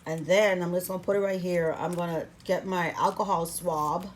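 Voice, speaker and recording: A woman's voice: lowish voice, fairly even intonation, moderate pace, slight background noise. A woman talking through a how-to vlog in a playful, sassy, chatty way, recording herself at home on a camera stand. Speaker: vlogger.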